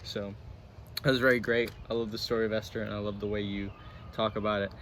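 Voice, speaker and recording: A man's voice: on the low side, little pitch movement, a little fast, a bit bright. A man co-hosting a casual Bible discussion outdoors, rambling and self-deprecating with frequent restarts. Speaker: church channel co-host. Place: outdoors near a road. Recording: faint traffic noise outdoors.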